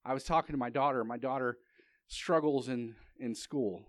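A male preacher delivers a sermon as a relaxed personal story, with plenty of restarts along the way. He puts rhetorical questions to the congregation. His voice sits at an ordinary middle pitch and sounds dry and close. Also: moderate pace, no room sound. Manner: conversational storytelling, frequent restarts.

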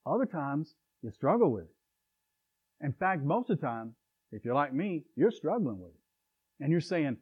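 A man's voice: on the high side, very animated, unhurried, pauses often, husky. A middle-aged man preaching a sermon in a conversational way, with chuckles and asides. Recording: tinny phone-like recording.

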